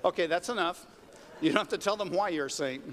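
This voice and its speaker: A man's voice: sits high, fast, a bit bright, a little hiss or hum. Man preaching in a reverberant hall. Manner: conversational preaching with emphatic rises. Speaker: pastor. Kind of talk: sermon. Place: church sanctuary. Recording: long reverb of a large hall.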